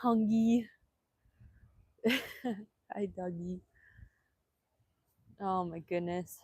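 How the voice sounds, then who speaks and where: A woman vlogger chatting excitedly on a live stream outdoors, laughing often and filming on a handheld phone. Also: medium pitch, normal speed, no room sound, clean studio sound. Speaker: vanlife vlogger. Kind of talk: casual live-stream chat. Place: outdoors in Hawaii.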